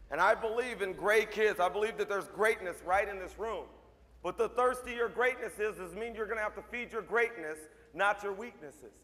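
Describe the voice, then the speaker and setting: A man giving a motivational speech to a live audience, telling comic stories and acting them out with bursts of shouting. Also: high-pitched, in a large hall. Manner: animated, acts out voices and shouts. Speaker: motivational speaker.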